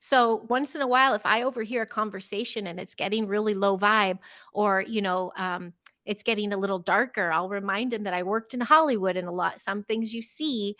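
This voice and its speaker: A middle-aged woman and teacher, chatting as a podcast guest, telling lively stories and acting out children's voices with frequent laughter. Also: mid-range voice, a little fast, no room sound. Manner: animated storyteller, acts out children's voices, laughs often. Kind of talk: casual interview chat.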